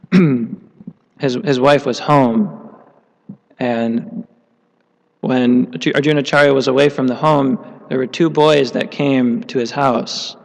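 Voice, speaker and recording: A man's voice: mid-range voice, darkish tone. A man giving a scripture class, telling a story casually with many fillers and restarts. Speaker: class speaker. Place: temple hall. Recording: long hall reverb.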